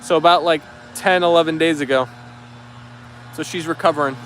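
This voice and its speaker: A man's voice: fairly high pitch, steady tone, moderate pace, fairly bright tone, slight background noise. A man hosting a dog livestream outdoors, reading viewer comments aloud in an upbeat, easygoing way. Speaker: livestream host. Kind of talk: live chat reading.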